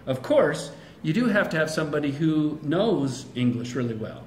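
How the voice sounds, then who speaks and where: Interviewed at a language school in Bangladesh, this American English teacher is lively and playful, slipping into imitations of other accents. His General American voice is a little high at normal speed, in a reverberant space with a little hiss or hum.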